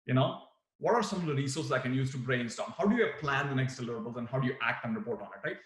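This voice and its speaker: A man's voice: medium pitch, rapid-fire, a bit bright, roomy sound. A man teaching a workshop for new managers, acting out example replies with big swings in his voice. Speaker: management trainer. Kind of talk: live workshop talk on management.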